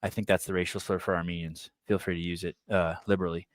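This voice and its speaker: This podcast host from the San Francisco Bay Area speaks quickly in a low voice with little pitch movement. He reads a news article aloud, veering into blunt, provocative, irreverent asides. No echo is present.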